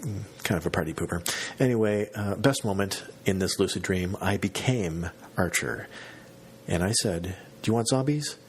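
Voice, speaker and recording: A man's voice: low-pitched, normal speed, slightly rough. A man hosting a podcast, telling a long story in a casual, self-mocking monologue. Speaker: podcast host.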